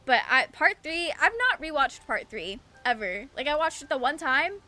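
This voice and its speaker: A woman's voice: high voice, expressive, moderate pace, bright, forceful tone. A woman with a Southern US accent, chatting casually and giggling while streaming a game. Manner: giggly, chatty, lots of fillers. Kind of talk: casual chat while gaming.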